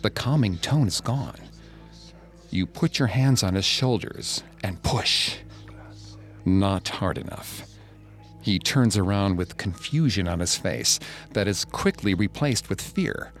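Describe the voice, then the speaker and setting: A man narrating a second-person horror story in a slow, hushed way. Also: lowish voice, expressive, faint music behind.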